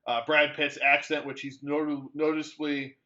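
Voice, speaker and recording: A man's voice: fairly high pitch, flat delivery, normal speed, bright, forceful tone, lo-fi sound. A man co-hosting a movie podcast, chatting casually with a rambling delivery full of fillers and restarts. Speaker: podcast co-host. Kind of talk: casual movie-review chat.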